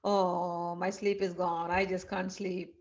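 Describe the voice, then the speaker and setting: A woman's voice: lowish voice, flat delivery, slow, darkish tone, lo-fi sound. A woman voicing a lovestruck teenage girl who talks eagerly. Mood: dreamy.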